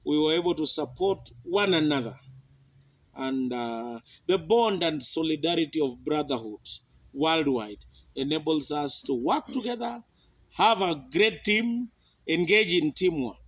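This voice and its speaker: A man from Kenya, giving an informal philosophy lecture in an unhurried way, with many fillers and restarts. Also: fairly high pitch, animated, no room sound. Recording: dull, dry lo-fi recording.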